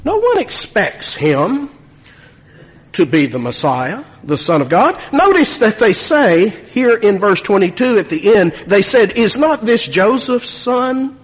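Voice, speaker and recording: A man preaching a sermon in a folksy, animated way, with asides to his congregation. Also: high-pitched, a little slow. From Nevada. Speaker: pastor. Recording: long reverb of a church hall.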